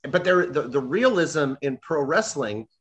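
A man's voice: on the high side, very animated, a little slow, a bit bright, a little hiss or hum. A young man ranting animatedly in a casual chat, often mimicking voices when he quotes people.

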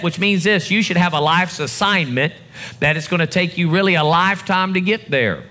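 A man's voice: high voice, a little fast, sharp tone. A male pastor preaching a sermon to his congregation in a church service, building his emphasis in a call-and-response way.

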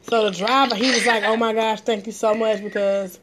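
A woman's voice: on the high side, brisk, background noise. Blunt storytelling woman. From Atlanta, Georgia area. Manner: blunt, animated storyteller who acts out both sides. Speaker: rideshare driver sharing stories. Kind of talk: casual chat.

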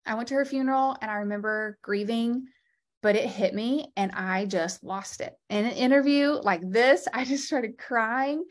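A woman clinician and podcast founder speaking as an interview guest, earnest and heartfelt, talking in quick, open bursts. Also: on the high side. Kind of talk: candid conversational interview.

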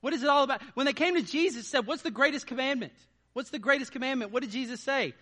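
A male pastor preaching a sermon, asking his congregation lively rhetorical questions. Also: very high voice, quick pace.

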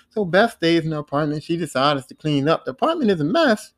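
A man's voice: fairly high pitch, big pitch swings, fairly quick, hardly any pauses. Slangy, profane man recapping a show. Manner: profane slangy retelling, acting out characters' lines. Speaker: podcast host.

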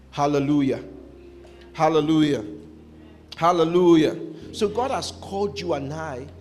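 A male pastor with a high voice preaches in call-and-response. He repeats lines and leaves blanks for the congregation to fill. Faint music plays behind him. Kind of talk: sermon.

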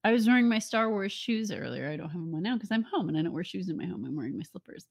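A woman's voice: medium pitch, animated, very fast, creaky, dry recording, clean studio sound. A woman co-hosting a casual show, chatty and teasing. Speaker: co-host. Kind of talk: casual live-stream chat.

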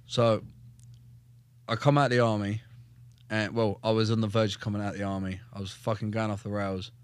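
A man's voice: on the low side, fairly quick, smooth, no echo. Foul-mouthed man telling war stories. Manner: swears constantly, animated, acts out the scenes. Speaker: podcast guest, UFC fighter and ex-soldier. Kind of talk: casual storytelling interview.

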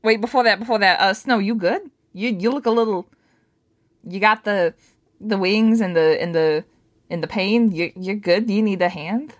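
A woman's voice: medium pitch, normal speed. Hesitant woman playing a tabletop game. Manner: hesitant, stuttering restarts. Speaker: player. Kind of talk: casual tabletop role-play.

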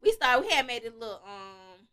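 A woman's voice: on the high side, normal speed. A young woman hosting a podcast, telling a wild story in casual, profane chat and acting out the other people's lines. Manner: animated, profane, acts out voices and beats, laughs often. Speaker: podcast host.

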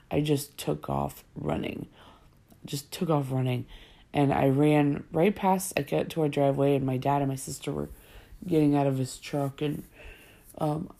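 A woman's voice: low voice, vocal fry, mellow. A woman casually telling a personal story in a chatty, rambling way, full of fillers.

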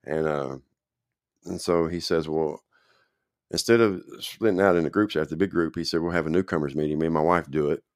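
A man's voice: a bass voice, fairly even intonation, a little fast, no echo, clean studio sound. A man telling his own recovery story in a casual, rambling way, often checking in with the listener.

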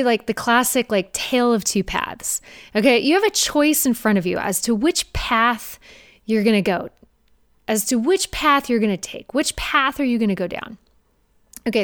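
A young woman fitness coach talking straight to her viewers in an energetic, conversational way, with playful mocking asides. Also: fairly high pitch, no room sound, clean studio sound. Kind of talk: direct-to-camera coaching talk.

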